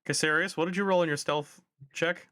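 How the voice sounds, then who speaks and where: A man's voice: on the high side, fairly even intonation, fairly quick, sharp tone. A man running a tabletop game as game master, narrating in a matter-of-fact way.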